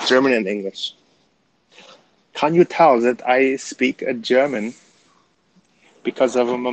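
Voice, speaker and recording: A man from Canada hosting a casual livestream, chatty and quick to laugh things off as he talks straight to his viewers. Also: mid-range voice, a little hiss or hum, rough recording. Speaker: livestream host.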